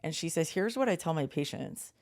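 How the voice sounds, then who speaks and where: A woman's voice: low voice, a little fast. A woman co-hosting a podcast, chatting casually and telling stories, acting out quotes and swearing freely. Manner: animated storyteller, swears freely, acts out quotes. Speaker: podcast co-host.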